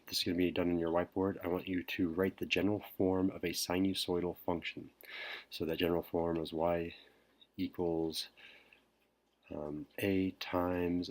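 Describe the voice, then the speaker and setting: A man teacher whispering a recorded math lesson, hesitant with frequent pauses. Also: low-pitched. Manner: whispering softly; hesitant, many ums.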